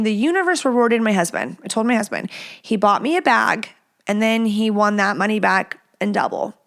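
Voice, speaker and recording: A woman in her thirties talks through a casual solo podcast from her home. Her talk is loose and rambling, full of self-mocking asides. Now and then she drops to a whisper. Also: a little high. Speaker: podcast host.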